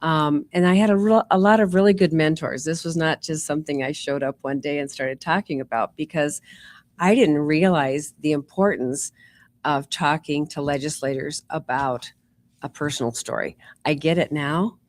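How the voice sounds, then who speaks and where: A woman's voice: low-pitched, normal speed, no room sound. A middle-aged woman, a nurse practitioner guest telling her story in a chatty way with many fillers. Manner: chatty, warm storytelling with fillers like "you know" and "um". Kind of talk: casual interview storytelling.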